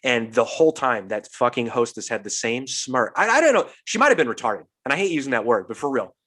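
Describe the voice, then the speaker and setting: A man's voice: mid-range voice, big pitch swings, brisk, fairly bright tone. A young adult man, a podcast host, telling a story in casual chat, acting out the quotes and swearing freely.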